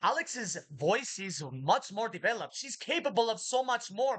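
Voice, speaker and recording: A woman's voice: a little high, very animated, moderate pace, hardly any pauses, a bit bright. A woman talking in a rambling monologue to her viewers, often speaking of herself in the third person, blunt and profane. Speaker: vlogger.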